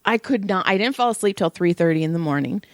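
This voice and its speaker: Profane woman telling animated stories. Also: mid-range voice, fast talker, dry recording, studio quality. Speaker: podcast co-host. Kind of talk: casual chat.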